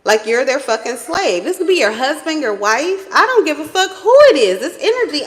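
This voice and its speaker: A woman giving a casual tarot reading to camera, blunt and profane, breaking into sudden high exclamations. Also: sing-song, brisk, few pauses. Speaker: tarot reader. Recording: reverberant room.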